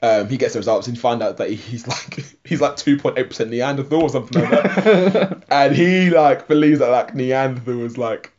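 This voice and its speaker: A man's voice: medium pitch, brisk, hardly any pauses, darkish tone. Man, podcast co-host, rambling recap, lots of "like", dull lo-fi audio. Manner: rambling retelling, heavy use of "like", frequent laughter. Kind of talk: casual film and TV review chat.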